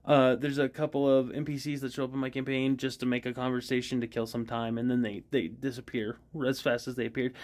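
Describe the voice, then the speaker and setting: A man's voice: mid-range voice, a little mellow. A man chatting casually about his characters, rambling and giggling, with lots of fillers. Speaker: voice actor vlogger. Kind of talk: casual chat.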